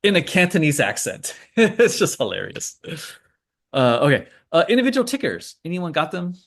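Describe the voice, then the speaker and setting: Very animated and on the high side, this man talks at normal speed while hosting a relaxed trading call. It's loose screen-share commentary: he wanders through charts, cracks jokes, and leans heavily on fillers.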